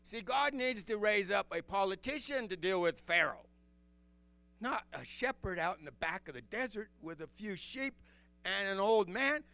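Animated man preaching a sermon. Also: normal speed, creaky, no echo. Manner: animated, swings from loud exclamations to hushed low tones; asks the listeners rhetorical questions. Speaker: pastor teaching from the Bible. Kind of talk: expository sermon.

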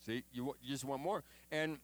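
A man preaching a sermon in an animated, chatty way, with jokes and acted-out quotes. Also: medium pitch, fairly quick, no echo.

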